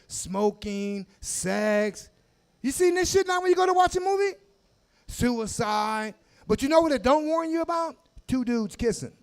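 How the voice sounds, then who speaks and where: A man in his forties tells crude stories on a comedy club stage, his voice very high and swinging widely in pitch. He talks loudly into a handheld mic and shouts his punchlines. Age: 40s. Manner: loud, crude, animated storytelling with shouted asides. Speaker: stand-up comedian. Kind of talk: stand-up comedy set.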